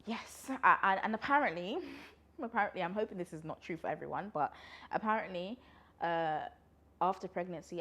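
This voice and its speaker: A woman, chatting casually through a pregnancy Q&A vlog, a little out of breath and laughing often. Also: lowish voice. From London, UK. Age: 20s. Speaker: vlogger.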